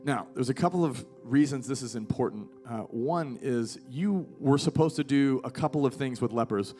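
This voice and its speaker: A man's voice: mid-range voice, normal speed, hardly any pauses, a little mellow, soft background music. A man in his thirties, a pastor giving a live sermon in a casual, conversational way that grows emphatic. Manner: conversational preaching, rising to emphatic. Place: church hall with live audience.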